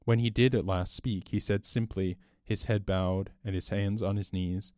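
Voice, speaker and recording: Low-voiced man reading a story. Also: steady tone, normal speed, few pauses, a little mellow, no echo, studio quality. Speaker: narrator. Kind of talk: scripted audiobook narration.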